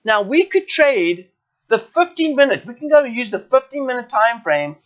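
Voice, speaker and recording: A man's voice: very high-pitched, sing-song, normal speed, fairly bright tone, dull audio. A South African man walking viewers through a live trading chart session, talking informally and often checking in with them. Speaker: forex trading educator. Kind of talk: live trading webinar walkthrough.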